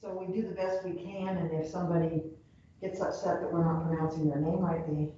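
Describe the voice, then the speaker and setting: A woman's voice: lowish voice, fairly even intonation, a little fast, mellow. A woman chatting casually and laughing often, often trailing off mid-sentence. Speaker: community radio talker. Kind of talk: casual chat. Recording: echoey room, far from mic, dull lo-fi, faint noise.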